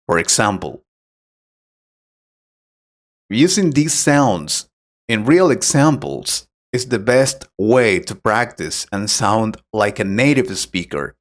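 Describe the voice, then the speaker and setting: Slow, lively-voiced male English teacher. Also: lowish voice. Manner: clear, patient explaining. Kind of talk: scripted conversation lesson.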